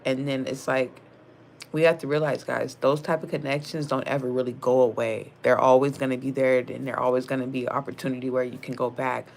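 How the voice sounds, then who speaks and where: Gravelly-voiced blunt woman tarot reader. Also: very deep voice, level tone, fairly quick, a little mellow. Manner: blunt, slangy and profane, keeps calling the viewer sis. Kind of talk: casual tarot reading to camera.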